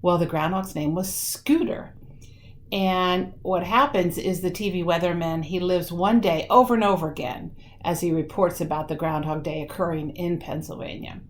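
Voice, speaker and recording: A woman leading a children's craft lesson from home, explaining things slowly and warmly for kids, with many pauses and ums. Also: on the low side.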